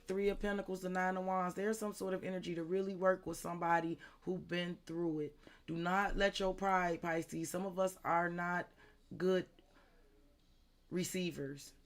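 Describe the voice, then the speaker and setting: A woman's voice: fairly low pitch, a bit bright. A woman doing a live tarot reading, speaking emphatically and repetitively straight to her viewers, with frequent swearing, and greeting chat viewers by name. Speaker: tarot reader.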